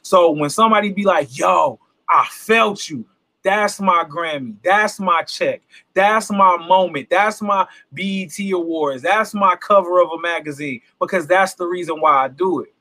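Earnest high-voiced man, reflective. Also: moderate pace, pushed and bright. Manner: earnest, reflective, preaching-like emphasis. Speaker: independent hip hop artist, guest. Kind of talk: casual interview talk.

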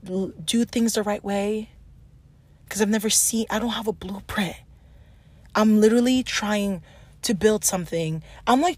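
A woman, rambling and animated. Her voice sits at a middle pitch, and the sound is dry and close to the mic. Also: dry recording. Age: 20s. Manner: animated, rambling, with bursts of laughter and self-talk. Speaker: podcast host. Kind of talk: candid solo podcast monologue.

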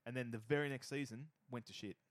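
A man's voice: mid-range voice, fast, no room sound. Swearing, rambling man chatting sports. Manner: profane, rambling and animated. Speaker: podcast co-host. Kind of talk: casual sports chat.

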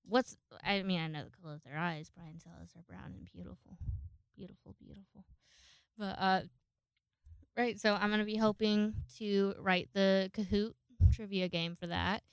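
A woman chatting alone on her podcast at home, rambling from one thought to the next and swearing freely. Her voice is smooth and resonant, recorded close and dry. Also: mid-range voice, fairly even intonation, moderate pace, no echo. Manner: rambling, swears freely, acts out quoted people. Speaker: podcast host. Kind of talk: casual solo podcast chat.

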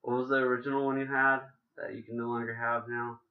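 A man's voice: medium pitch, little pitch movement, fast talker, phone-quality sound. A man hosting a casual podcast chat, rambling and joking with lots of fillers and restarts. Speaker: podcast host.

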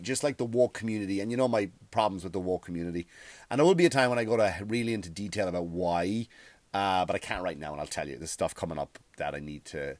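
A man's voice: deep voice, no echo. A man who is a comedian, talking in a profane, rambling podcast monologue and acting out other people's voices.

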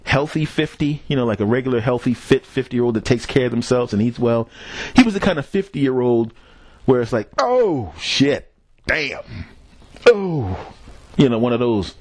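A man's voice: mid-range voice, lively intonation, fairly quick, darkish tone, no room sound. A man hosting a podcast, telling a rambling, profane story in a casual solo monologue and chuckling at his own jokes. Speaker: podcast host.

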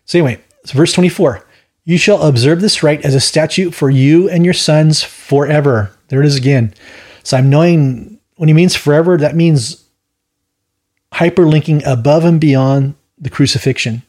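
Brief: male Bible study host, husky, slightly high voice, rambling and opinionated, repeats his words. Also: moderate pace, darkish tone. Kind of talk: verse-by-verse Bible teaching.

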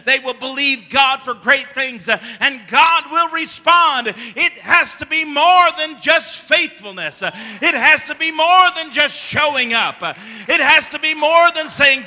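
Man pastor, fervent sermon, very high and bright voice, long hall reverb, church sanctuary. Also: slow. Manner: fervent, swings from loud preaching to soft asides.

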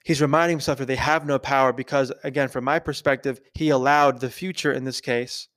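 A man hosting a podcast, thinking aloud in a casual, conversational way and often checking in with a quick "right?". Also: mid-range voice, fairly even intonation, fairly bright tone. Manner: conversational, keeps asking "right?". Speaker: podcast host. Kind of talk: casual reflective podcast talk.

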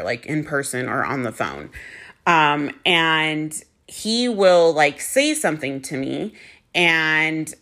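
A woman's voice: low-pitched, fairly bright tone. A middle-aged woman in a candid confessional monologue, talking frankly and casually, swearing freely and using lots of fillers. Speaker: vlogger sharing a personal story.

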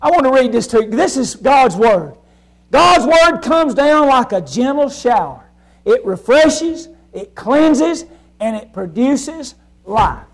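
A man preaching a sermon, rising to shouts and then dropping to a hush, asking his congregation one question after another. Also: very high voice, big pitch swings, takes it slowly, poor audio. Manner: fervent, swinging from loud shouting to hushed quiet; asks the congregation rhetorical questions.

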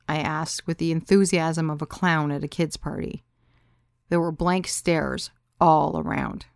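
A woman's voice: deep voice, moderate pace, vocal fry, no echo, clean studio sound. A woman narrating her own story in the first person, in a wry, confiding way.

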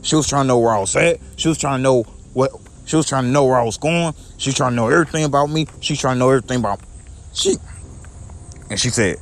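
A man's voice: medium pitch, fast, vocal fry, a little hiss or hum. A young man venting to his viewers in a repetitive, aggrieved way, often stumbling and restarting his sentences. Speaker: vlogger. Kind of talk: personal rant to camera.

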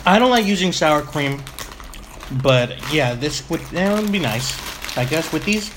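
Woman co-host, low voice, relaxed chat, faint hiss behind. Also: measured pace. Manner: laid-back, swears casually, talks while chewing. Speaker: podcast co-host. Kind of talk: casual chat, snack tasting. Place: indoors at a table with a microphone.

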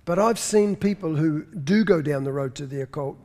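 A man's voice: fairly high pitch, moderate pace, warm tone. A pastor preaching a sermon, telling stories emphatically and often repeating words as he searches for the next one. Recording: long hall reverb.

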